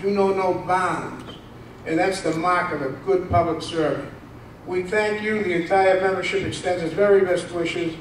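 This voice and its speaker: Older guy politician giving a rambling folksy speech, kinda high voice, big echoey hall, far from the mic. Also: a little hiss or hum. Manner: folksy, rambling, with fillers and asides. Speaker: state representative. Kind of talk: ceremonial speech presenting a citation. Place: banquet hall at a country club luncheon.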